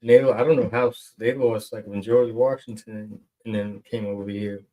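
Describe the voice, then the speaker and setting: A man's voice: on the low side, fairly even intonation, moderate pace, mellow, rough recording. A man co-hosting a podcast, rambling and teasing in casual chat. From New York. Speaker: podcast co-host.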